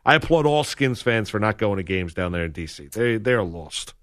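A man co-hosting a sports talk show, talking in an animated, opinionated way with lots of emphasis. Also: fairly low pitch, moderate pace. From grew up a Washington football fan.

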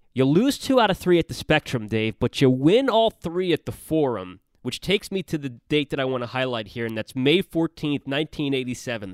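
Smooth-voiced male sports host. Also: mid-range voice, no echo. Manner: recaps stats and dates in long lead-ins. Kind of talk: interview questions.

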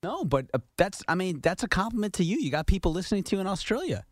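A man working as producer on a sports radio show, bantering quickly and jokingly with the host. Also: sits high, sing-song, no echo, studio quality. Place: radio studio. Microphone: studio microphone.

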